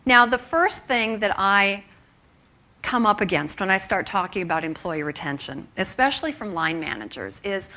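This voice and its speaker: A woman giving a live presentation as a keynote speaker, animated and asking the audience rhetorical questions. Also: medium pitch, moderate pace. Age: young adult.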